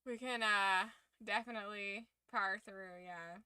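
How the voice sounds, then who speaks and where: Bright-voiced tired woman streamer. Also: mid-range voice, steady tone, measured pace, clean tone, dry recording, studio quality. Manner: chatty and rambling, swears casually. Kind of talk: casual livestream chat.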